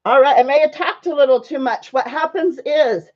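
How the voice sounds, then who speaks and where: A woman's voice: high-pitched, normal speed. A woman chatting casually with her viewers while she paints on a live stream, greeting them by name and talking in loose, friendly sentences full of fillers. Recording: dull lo-fi stream audio.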